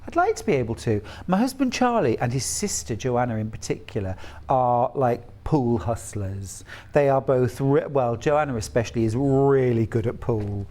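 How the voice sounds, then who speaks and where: A man's voice: mid-range voice, lively intonation, moderate pace, mellow. Chatty enthusiastic male shopping presenter. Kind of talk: live sales presentation.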